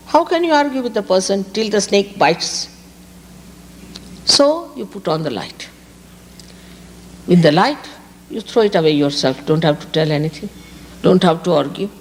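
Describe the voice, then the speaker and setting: Indian woman giving an emphatic spiritual talk. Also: mid-range voice. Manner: emphatic, repeats key words for stress. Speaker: spiritual teacher. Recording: reverberant hall, faint background hiss.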